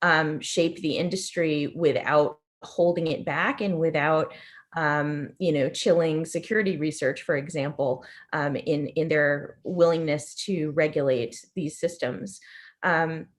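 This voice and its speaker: A woman on a conference panel speaks thoughtfully, her sentences paced by small hesitations. Her voice sits low for a woman. She sounds considered rather than rushed. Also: steady tone. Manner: thoughtful, many "um"s.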